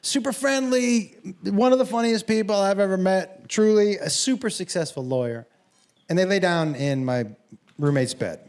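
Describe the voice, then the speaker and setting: A man doing a stand-up comedy set on a club stage, telling stories loudly and profanely, with bursts of shouting. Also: sits high, normal speed. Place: comedy club stage before a laughing audience. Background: audience laughter and room ambience.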